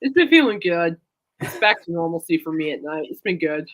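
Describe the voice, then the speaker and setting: A woman's voice: on the low side, very animated, brisk, fairly bright tone. A woman hosting a casual chat show, rambling and giggling as she tells everyday stories. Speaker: podcast host.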